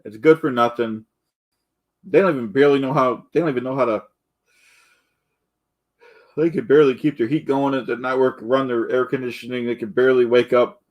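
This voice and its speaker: A man's voice: medium pitch, fairly even intonation, fairly quick, pauses often, lo-fi sound. A man in a rambling comedic rant, indignant and boastful, calling himself the Duke and stumbling over repeated words. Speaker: comedic ranter.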